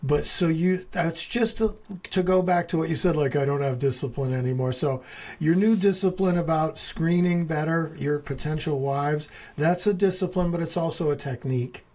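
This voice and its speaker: A man's voice: on the high side, moderate pace, darkish tone. A middle-aged man hosting a casual interview, encouraging and reflective, given to wordy turns of phrase. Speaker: podcast host.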